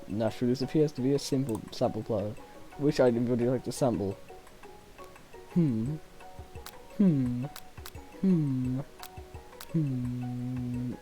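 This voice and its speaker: A male streamer reads a dating game aloud and keeps breaking off for playful jokes and laughs. His voice is mellow and dark. Faint music plays behind him. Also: mid-range voice, slow, pauses often. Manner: playful, laughing, joking asides.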